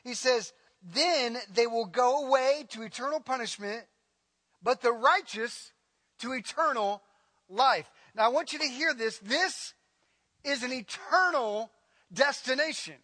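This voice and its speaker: High, bright-voiced preacher in a hall. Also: male voice. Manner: emphatic preaching, stretching key words slowly. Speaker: pastor. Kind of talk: sermon. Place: large hall with long reverb. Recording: live sermon in a reverberant hall.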